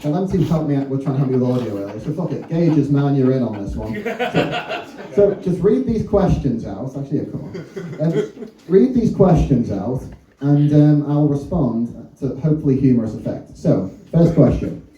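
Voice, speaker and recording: Crude, lively stand-up comedian, man. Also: mid-range voice, echoey room, distant mic, dull audio. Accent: English. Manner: crude, self-deprecating, quick asides. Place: comedy club bar, audience laughing.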